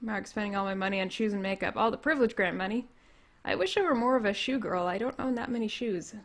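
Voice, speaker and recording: Canadian girl livestreaming from home, bit hoarse, rambles and laughs a lot, mid-pitched voice. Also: fast, a bit bright. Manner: rambling, laughs often, reads chat comments aloud. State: losing her voice. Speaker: livestream host. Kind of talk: casual livestream chat. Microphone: computer mic.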